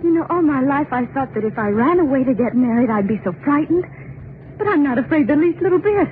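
An actress playing a giddy, tender young bride with a breathless, emotional delivery, in 1930s radio acting style. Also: female voice, sits high, lively intonation, quick pace, a little hiss or hum. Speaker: young newlywed wife. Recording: tinny old radio recording with music.

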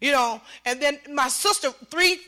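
High, bright-voiced older woman testifying emphatically. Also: normal speed. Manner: emphatic, repetitive, voice rising to shouts. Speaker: mother giving testimony. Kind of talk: emotional personal testimony.

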